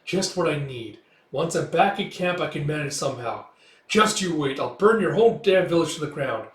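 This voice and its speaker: A man's voice: on the high side, animated, normal speed, fairly bright tone. A man voicing a bitter, wounded older father who snarls curses and threats. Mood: scheming. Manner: snarling, cursing, spiteful. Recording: echoey room.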